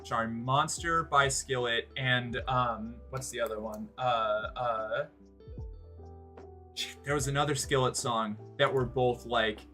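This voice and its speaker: Male streamer, casual rambling rant, sarcastic, swears a lot, sharp bright tone. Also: medium pitch, takes it slowly, faint music behind. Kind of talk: casual livestream chat.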